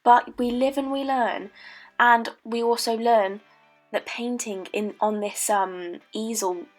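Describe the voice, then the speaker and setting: A late-teen woman narrates her painting video in a put-on Australian accent, with a playful mock-documentary tone. Her voice sits fairly high, and soft music hums underneath. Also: fairly even intonation, takes it slowly. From Britain. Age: late teens. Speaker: art student. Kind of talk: joking voice-over narration. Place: voice-over recorded at home.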